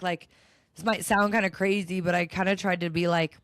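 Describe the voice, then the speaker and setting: A woman's voice: mid-range voice, a little fast, dry recording, studio quality. A young woman hosting a podcast, telling a personal story in a chatty, heartfelt way with many likes and restarts. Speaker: podcast host.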